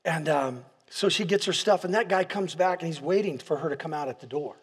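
Husky high-voiced preaching man. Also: brisk. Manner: impassioned preaching, building to loud peaks; storytelling with frequent restarts and repeated words. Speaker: pastor. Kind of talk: sermon. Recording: long hall reverb.

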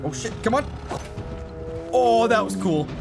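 An excitable man gives casual commentary as he plays, his voice a touch high and swinging widely in pitch. He swears freely and shouts encouragement at a companion. Game music plays clearly behind him. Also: a little slow. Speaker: gaming YouTuber.

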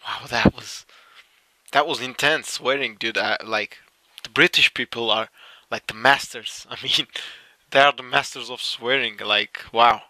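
A young man talks slowly over funny clips, dropping swear words and claiming he never laughs. His voice is bright and bouncy, recorded close and dry. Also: mid-range voice, no room sound. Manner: swears a lot, insists he is not laughing, breaks into giggles. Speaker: streamer reacting to clips. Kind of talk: casual reaction commentary.

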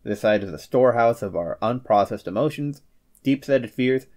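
A man hosting a scripted psychology explainer, reading with playful joking asides and quick comic character voices. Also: medium pitch, expressive, a little mellow. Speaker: host of a personality-psychology channel.

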